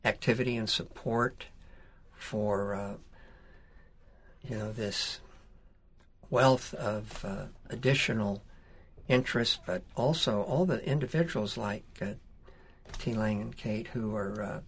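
Gravelly, husky-voiced man. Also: lowish voice, slow, long pauses. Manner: hesitant, searching for words. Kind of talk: panel discussion.

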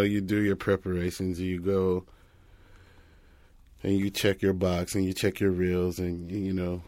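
A man telling an animated, laugh-filled story as an interview guest, with frequent restarts. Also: low voice, no echo. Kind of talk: casual storytelling.

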